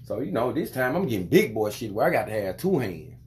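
A father telling a frustrating story to camera, venting in a loose, profane, animated way. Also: mid-range voice, a little fast, slight background noise. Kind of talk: casual storytelling monologue.

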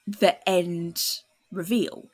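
A woman's voice: on the low side, flat delivery, very slow, slightly rough. A woman hosting a podcast in casual film chat, chatty with many fillers, acting out quoted lines. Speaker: podcast host.

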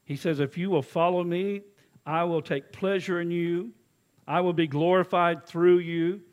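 A man preaching a sermon as executive pastor, telling folksy stories and swinging between loud urging and quiet low asides. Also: steady tone, unhurried.

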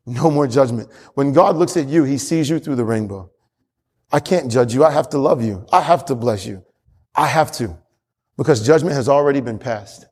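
A man's voice: medium pitch, normal speed, darkish tone, breathy edge. Man preaching in a reverberant hall. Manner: emphatic preaching with repetition and chuckles. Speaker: pastor. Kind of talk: sermon.

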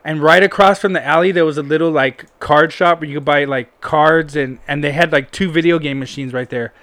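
A young man spins a meandering story from his school days, swearing freely and leaning on fillers. His voice sits a bit high and sounds smooth and resonant. He is recorded close-up in a dry, quiet room. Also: fairly even intonation, brisk, no room sound. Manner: rambling, profane, full of fillers. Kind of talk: casual storytelling chat.

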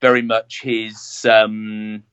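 A man's voice: on the low side, flat delivery, slow, fairly bright tone, clean tone. A man, a town jester being interviewed, talking casually with many fillers and restarts. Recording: dull lo-fi sound.

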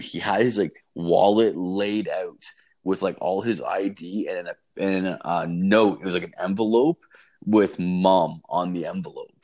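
Low-voiced man, rambling, swearing storyteller. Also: a little mellow. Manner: rambling, swears constantly, fills with "like" and "dude"; acts out quotes with sudden high yelps. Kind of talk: casual storytelling chat.

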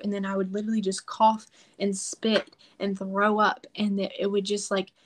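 Woman, podcast guest, casual storytelling, animated and emphatic, mid pitch. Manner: animated, emphatic retelling with quoted prayers.

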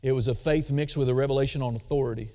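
Booming preacher in a reverberant hall. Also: male voice, steady tone, racing. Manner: dramatic swings between booming emphasis and quiet asides; calls for audience response. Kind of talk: sermon. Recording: long reverb of a large hall.

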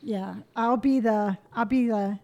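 A woman from California chatting casually as host, talking quickly and freely. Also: fairly high pitch, warm tone, lo-fi sound. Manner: quick, chatty, self-described fast talker. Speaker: YouTuber and host. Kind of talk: casual chat.

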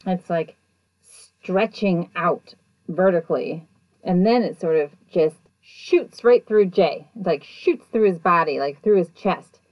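A woman casually retelling events in a chatty, animated way, acting out what people said. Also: fairly low pitch, no echo, highs cut off. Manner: chatty, animated, acts out quotes. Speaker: show recapper. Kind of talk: casual storytelling recap.

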